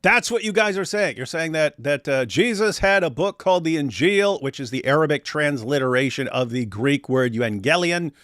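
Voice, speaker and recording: A man's voice: fairly high pitch, expressive, normal speed, hardly any pauses, a bit bright, dry recording, studio quality. Sarcastic man hosting a debate stream. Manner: sarcastic, emphatic, argumentative. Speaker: host. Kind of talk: livestream debate commentary.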